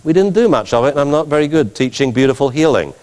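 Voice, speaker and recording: A man lectures as a dog trainer, spinning anecdotes with a fairly high voice that leaps up and down. He laughs often and mimics sounds as he goes, and a long reverb trails his words around a large hall. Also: expressive, quick pace, darkish tone. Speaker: dog trainer giving a talk.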